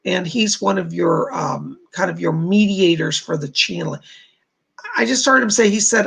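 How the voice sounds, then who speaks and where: Gravelly-voiced man giving livestream psychic readings. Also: high-pitched, normal speed, fairly bright tone. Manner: reassuring, addresses viewers by name, many fillers. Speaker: psychic medium host. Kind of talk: livestream readings, answering viewer donations.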